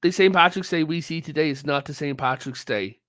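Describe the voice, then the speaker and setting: Dry, higher-voiced man telling stories. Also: brisk, fairly bright tone, dry recording. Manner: storytelling, peppered with "like" and "right?". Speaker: guest. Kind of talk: casual conversational history chat. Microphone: video call.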